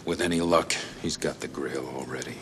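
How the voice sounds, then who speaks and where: An actor playing a bold middle-aged adventurer archaeologist in a film, talking defiantly. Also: male voice, extremely low pitch, steady tone, brisk, a bit bright. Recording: film soundtrack with long reverb and faint ambience.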